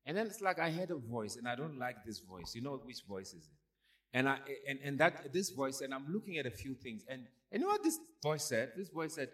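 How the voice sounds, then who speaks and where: A man's voice: mid-range voice, very animated, a little fast, fairly bright tone. A man preaching a sermon as pastor, pressing the congregation with repeated questions like "are you hearing me". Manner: call-and-response preaching, repeated rhetorical questions.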